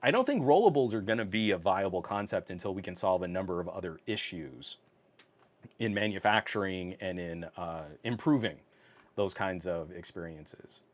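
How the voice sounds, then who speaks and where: A man's voice: sits low, animated, normal speed. A man hosting a casual tech livestream from his home office, reading viewer comments, laughing often and talking with many fillers. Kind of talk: casual live-stream chat. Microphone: on camera.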